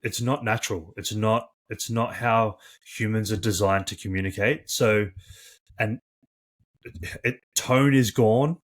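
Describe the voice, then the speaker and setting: A man co-hosting a casual podcast as a coach, talking in an animated, chatty way full of "like" and swearing, on a close studio mic. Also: on the low side, measured pace.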